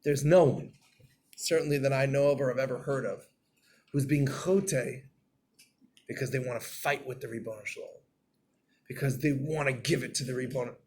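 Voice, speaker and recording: A man giving a Torah class in a storytelling way, acting out scenes and getting loud and animated. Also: mid-range voice, moderate pace, long pauses, slight background noise.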